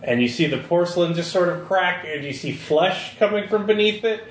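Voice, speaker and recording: A man narrating a tabletop horror game as game master, describing scenes in a halting way. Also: sits high, lively intonation. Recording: roomy echo.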